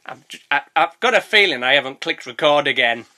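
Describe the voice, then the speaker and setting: A man recording comedy review outtakes, giggling, swearing and breaking into sudden loud silly outbursts. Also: a little high, animated, a little fast.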